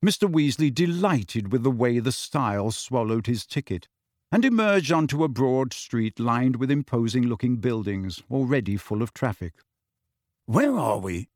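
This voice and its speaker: Brief: male storyteller, animated delivery, dry close sound. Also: medium pitch, moderate pace, dry recording. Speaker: audiobook narrator. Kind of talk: audiobook narration.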